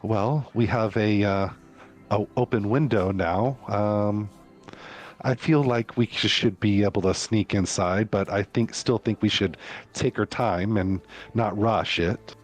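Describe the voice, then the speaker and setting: A man's voice: on the low side, a little slow. A man voicing a cautious, level-headed woman rogue in a tabletop game, speaking hesitantly with many restarts. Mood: careful. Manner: hesitant, full of restarts and ums.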